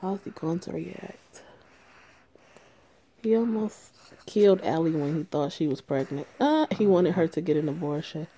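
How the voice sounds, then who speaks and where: A woman's voice: lowish voice, expressive, normal speed, hardly any pauses, mellow, a little hiss or hum. Woman reading as anxious young pregnant woman. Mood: worried. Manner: reads dialogue aloud plainly.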